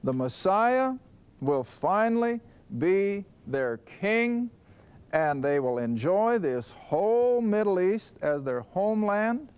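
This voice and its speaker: Slow, clear-voiced man teaching the Bible. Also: high voice, very animated, darkish tone. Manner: earnest, asks the class questions; stresses words and reads scripture aloud. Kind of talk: Bible study lesson.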